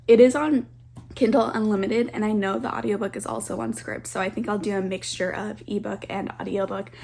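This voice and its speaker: A young woman in her twenties, talking fast and excitedly in a casual reading vlog. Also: mid-range voice, creaky. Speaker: book vlogger.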